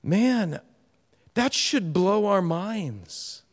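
Middle-aged man preaching, slightly high voice, long hall echo, swings loud to hushed. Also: moderate pace. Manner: storytelling with sudden shifts between loud urgency and hushed tenderness. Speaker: pastor. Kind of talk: sermon.

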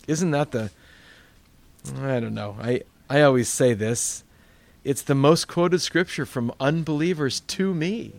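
A man's voice: medium pitch, a little slow, no room sound. A male pastor teaching a Bible study in a conversational sermon style, full of rhetorical questions.

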